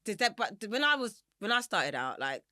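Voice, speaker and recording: A woman's voice: medium pitch, no room sound, studio quality. A middle-aged woman with a London accent, telling her life story in a candid, rambling interview and laughing easily. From Germany and South London. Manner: rambling, animated, quick to laugh. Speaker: singer-songwriter guest.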